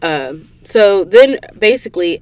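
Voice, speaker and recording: A woman's voice: medium pitch, unhurried, no echo. Chatty Southern woman podcaster. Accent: Southern American. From American South. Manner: animated retelling, acting out dialogue with "she's like". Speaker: podcast host. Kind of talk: casual book recap.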